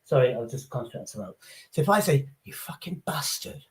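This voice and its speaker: The host of a livestream, a middle-aged man from England, talks in a rapid-fire, sing-song, mid-range voice. His casual chat is blunt, rambling, and full of swearing, with faint noise in the background.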